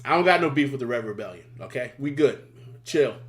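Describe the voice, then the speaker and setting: A man with a medium-pitched voice talks a little fast while hosting a live sports stream. Excitable and swearing, he laughs often and repeats himself, his voice frayed from yelling.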